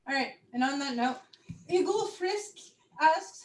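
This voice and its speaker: A woman hosting a livestream who reads out viewer questions briskly and keeps the show moving. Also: sits high, animated. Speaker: host reading viewer questions.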